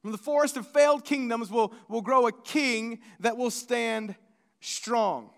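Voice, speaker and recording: Long hall reverb colors the very high-pitched, slightly bright voice of a male pastor giving a sermon at a somewhat slow pace. Earnest and conversational, he often stammers and begins his sentences again.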